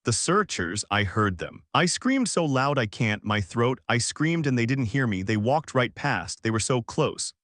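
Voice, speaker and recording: A man voicing a frightened twelve-year-old boy trapped underground, speaking in halting, broken-off sentences. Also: mid-range voice, very animated, a bit bright, no echo, studio quality. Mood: desperate.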